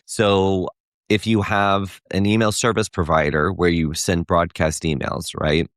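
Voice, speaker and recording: A middle-aged man hosts a live coaching stream in a very low voice. He talks with animated emphasis and reads out viewers' chat replies. The sound is dry and close to the mic. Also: unhurried, no echo. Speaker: host.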